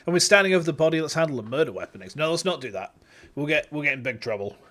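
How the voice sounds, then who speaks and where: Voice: mid-range voice, expressive, very fast, fairly bright tone. A streamer chatting casually and joking, swearing freely and laughing while playing a story game. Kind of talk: casual let's-play commentary.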